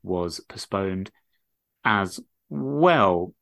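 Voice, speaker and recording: Low gravelly guy, dry sarcastic football podcast host. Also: animated, very slow, fairly bright tone. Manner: dry, sardonic. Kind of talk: casual football chat.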